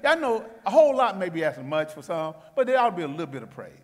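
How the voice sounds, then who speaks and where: A man leading a church Bible study as pastor, talking in a folksy, animated teaching way. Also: high-pitched, racing. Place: church sanctuary. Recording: long church reverb.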